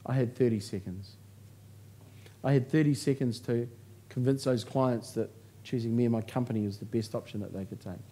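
A motivational speaker with a medium-pitched, dark-toned voice addresses a live audience from a stage. He tells his story with humour, jokes and punchy lines.

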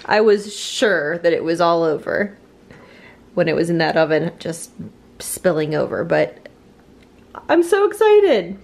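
A woman's voice: low-pitched, steady tone, a little slow, gravelly. A woman, a mother, chatting casually to the camera in her home kitchen, bubbly and laughing often, with rambling asides. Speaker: family vlogger and mother. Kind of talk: casual vlog chat to camera.

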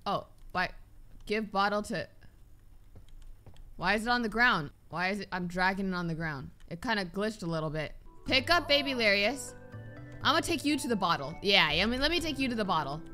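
A young woman doing casual let's-play commentary on a horror game, animated and jokey and easily startled. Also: mid-range voice, a little fast, faint music behind. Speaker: gaming YouTuber.

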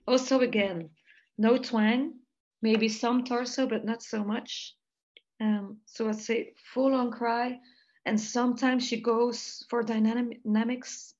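Her fairly high voice stays fairly even in intonation, moving slowly with a darkish tone on lo-fi audio. She's a Belgian woman who teaches jazz voice, carefully analyzing singing technique in English during an online video-call interview, laughing lightly between points.

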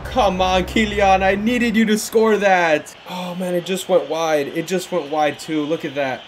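A young man commenting live on his own football video game match, excitable, with frustrated outbursts and shouts at big moments. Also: sits high, unhurried, few pauses, soft background music. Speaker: gaming YouTuber.

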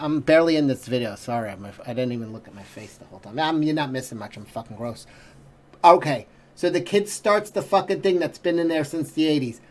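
Middle-aged male reaction host, exasperated and foul-mouthed, slightly raised pitch. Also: darkish tone, a little hiss or hum. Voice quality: swears constantly, exasperated. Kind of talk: profane ranting commentary.

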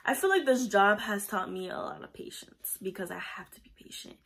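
Here the same kind of speaker, a young woman from Puerto Rico, tells rambling vlog stories about her pharmacy technician job, full of filler words. She talks briskly in a mid-range voice that is husky and a bit bright, with lively intonation.

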